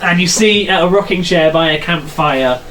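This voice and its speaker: A man's voice: high-pitched, moderate pace, pushed and bright, distant mic, a little hiss or hum. A man narrating as game master of a tabletop game, playful and often laughing.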